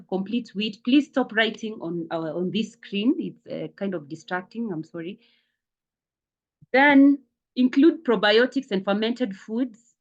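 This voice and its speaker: A woman giving a health and wellness talk, repeating words for emphasis, with frequent fillers. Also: medium pitch. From Kenya. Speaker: wellness speaker. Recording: dull lo-fi sound.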